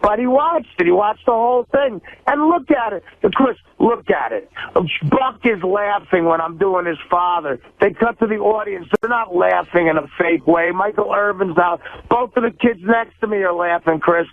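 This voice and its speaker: A man's voice: high-pitched, moderate pace. Brash man ranting over a tinny phone line. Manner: brash, profane, talks over the host. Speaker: caller to a sports radio show. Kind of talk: heated call-in argument. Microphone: phone call.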